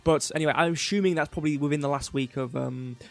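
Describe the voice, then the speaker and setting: A man's voice: a little high, steady tone, quick pace, creaky, soft background music. A young man hosting a casual crypto livestream, rambling with lots of fillers and offhand jokes. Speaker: crypto news host.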